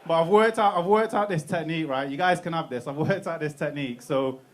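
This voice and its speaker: High-voiced British man doing stand-up. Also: a little fast, a crowd in the background, background noise. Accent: British English. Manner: casual, profane, laughing at his own jokes. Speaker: stand-up comedian. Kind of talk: stand-up comedy set. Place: comedy club stage.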